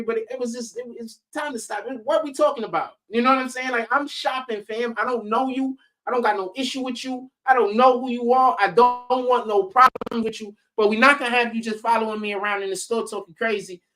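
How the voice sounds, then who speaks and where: A woman vlogger telling a long story in a casual, rambling way, full of slang, swearing and "you know what I'm saying" asides. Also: medium pitch.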